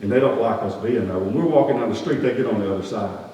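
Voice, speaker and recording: A man, a pastor, playing a skeptical, rough-spoken outcast shepherd in a first-person dramatic sermon, talking. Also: medium pitch, fast, highs cut off, voice pushed down, lightly acted. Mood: earnest. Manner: folksy, colloquial grammar, rising animated questioning. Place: church sanctuary. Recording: echoey hall, distant mic, faint hum.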